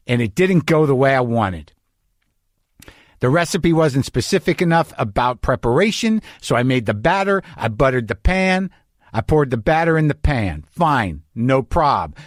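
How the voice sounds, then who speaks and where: A man's voice: on the high side, very animated, moderate pace, dry recording, studio quality. A man hosting a podcast, telling a story in a casual monologue, swearing often and mocking himself. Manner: profane, self-deprecating storytelling. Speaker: podcast host.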